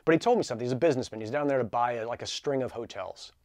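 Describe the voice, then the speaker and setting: A man in his forties telling a story in a casual, energetic, chatty way, full of fillers like "like" and "dude". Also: medium pitch, racing, dry recording, clean studio sound. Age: 40s. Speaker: channel host.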